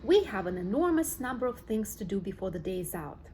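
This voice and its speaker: A woman's voice: mid-range voice, very animated, brisk, warm tone, slight background noise, close to an everyday voice. A woman voicing an eccentric, cheerful male chocolate-maker, gushing and theatrical, in an audiobook reading. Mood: delighted, bustling.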